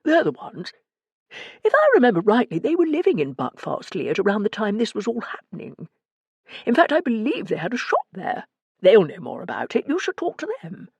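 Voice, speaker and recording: A woman's voice: medium pitch, huge pitch swings, brisk, gravelly, husky, no echo, highs cut off, voice pushed up, heavily acted. A woman voicing Morris, a mild older man who confides rumours in a hesitant way, in an audiobook. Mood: confiding. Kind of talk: audiobook character voice.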